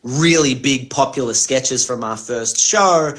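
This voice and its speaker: A man's voice: medium pitch, measured pace, noisy background. A man, a comedian guest on a podcast, telling rambling anecdotes with laughs and swearing. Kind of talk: casual storytelling.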